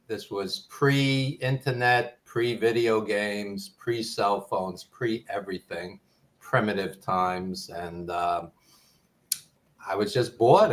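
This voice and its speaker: A man's voice: lowish voice, a bit bright. An older man with a Brooklyn accent, a podcast guest telling nostalgic stories in a rambling way full of ums. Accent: Brooklyn New York. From New York. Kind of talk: casual storytelling.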